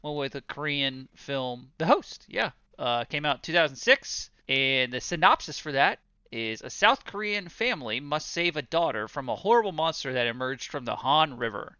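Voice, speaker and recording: A laid-back man co-hosting a casual podcast, chuckling now and then and admitting he forgets things. His voice is bright and smooth. It comes through a dry, slightly dull lo-fi mic. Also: medium pitch, animated, normal speed, no echo. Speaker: podcast co-host.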